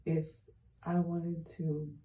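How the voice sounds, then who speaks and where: A woman speaking a heartfelt personal message into her hand-held phone, soft and halting with many pauses, close to tears. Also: low-pitched, flat delivery, echoey room, lo-fi sound. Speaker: vlogger.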